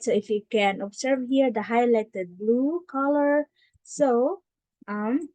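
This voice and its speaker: Woman, online English teacher, slow and patient, slightly high voice, close dry mic. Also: no echo, rough recording. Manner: patient, repeats and models question intonation. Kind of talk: slow screen-share grammar lesson for children.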